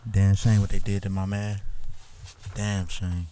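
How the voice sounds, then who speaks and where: A man's voice: sits low, flat delivery, unhurried, mellow, slight background noise. A man hosting a podcast, talking in a loose, rambling way and leaning on "listen" and "you know what I'm saying". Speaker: podcast host. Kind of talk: casual podcast commentary.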